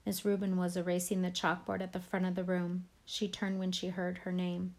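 A woman teacher reading a novel aloud to her class in a lively, expressive way. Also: lowish voice, normal speed, poor audio. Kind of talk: read-aloud storytelling.

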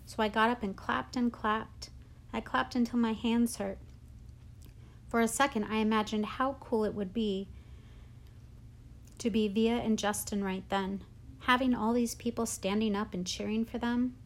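A woman hosting a read-aloud, narrating a novel with clear, expressive storytelling. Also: on the high side, a little slow.

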